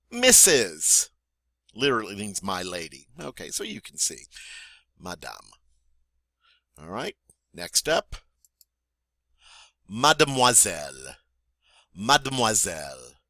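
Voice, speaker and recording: A man teaching a French vocabulary lesson, saying each word clearly and patiently, then asking the learner to repeat it. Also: on the low side, very animated, slow pace, pauses often, pushed and bright, no echo. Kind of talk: spoken language lesson.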